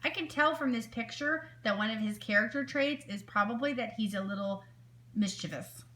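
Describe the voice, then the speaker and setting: A woman teacher reading a picture book aloud to children, expressive and asking her listeners questions. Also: a little high, normal speed.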